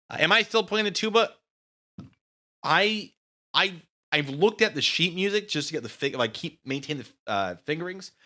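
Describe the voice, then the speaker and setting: Brief: male streamer, casual and rambling, mid-pitched, hesitant with lots of ums. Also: pushed and bright. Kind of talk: casual live stream chat.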